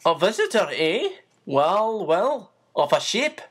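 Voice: medium pitch, sing-song, takes it slowly, a bit bright, husky, voice pushed up, heavily acted. A reader voicing a small, good-humoured old sailor man who talks in a hearty, genial way.

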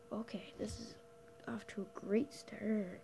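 A woman's voice: medium pitch, steady tone, slow pace, gravelly, dark tone, low-quality recording. A woman playing a story game and reading it aloud, making giggly, self-mocking asides over a faint hiss. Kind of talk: let's-play commentary.

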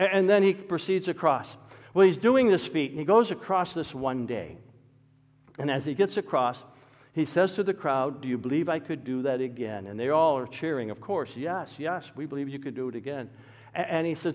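A man preaching a sermon, telling a story with lively swings between loud and soft. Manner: animated storytelling with wide swings in loudness and pitch. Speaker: pastor. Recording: long hall reverb.

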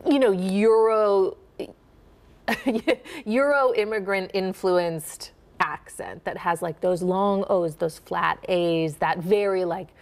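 A young woman from Minnesota who works as an accent coach answers interview questions at a slow pace in a medium-pitched voice. She's chatty, using lots of fillers and laughing easily.

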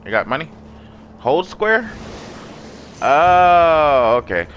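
A man giving excitable, profanity-laced let's play commentary, talking back to the enemies he fights. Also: a little high, takes it slowly, slight background noise. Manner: excitable, swears a lot, talks to enemies. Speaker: gamer. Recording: background music.

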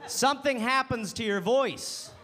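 A man doing a brash, animated stand-up comedy set on a comedy club stage with a handheld mic. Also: very high voice, measured pace. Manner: brash, animated comic delivery. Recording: live club with loud crowd. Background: audience laughter.

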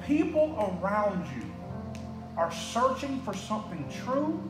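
Man, pastor, preaching a sermon, high voice, echoey church hall, music underneath, shifts from hushed to loud. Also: lively intonation, unhurried. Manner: dynamic preaching, swings from hushed to shouting. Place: church sanctuary.

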